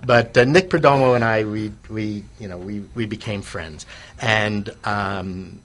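A man's voice: on the low side, unhurried, a bit bright. Man telling a rambling business story. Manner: rambling, many restarts and fillers, chuckles at himself. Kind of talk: anecdotal interview storytelling.

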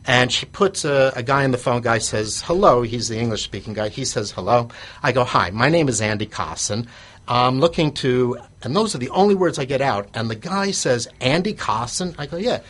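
A man's voice: medium pitch, brisk, a bit bright. A man telling an anecdote in an interview, rambling with restarts and fillers and chuckling at himself. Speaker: guest telling his business story.

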